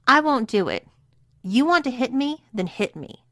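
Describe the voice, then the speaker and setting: A woman voicing a panicked young man who pleads and protests in a strained, high voice. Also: very animated, moderate pace, a bit bright, no echo, studio quality.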